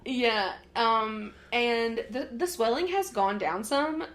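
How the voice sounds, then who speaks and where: A woman's voice: fairly high pitch, slow, a bit bright. A woman co-hosting a casual podcast chat, talking loosely with lots of "like" and frequent laughter. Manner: chatty, laughs often, lots of "like". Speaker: podcast co-host.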